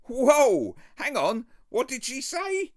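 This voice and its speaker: A man's voice: extremely high pitch, wildly swooping pitch, takes it slowly. A man hosting a political video channel, commenting on a clip in a sarcastic, mocking way.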